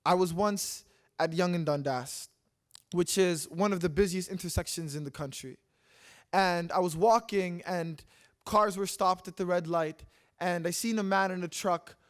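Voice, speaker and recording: A man's voice: high-pitched, normal speed. A young man from Canada giving an earnest, impassioned spoken-word talk on a stage, with rhythmic repeated lines. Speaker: speaker at a public talk. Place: live stage talk in a city hall.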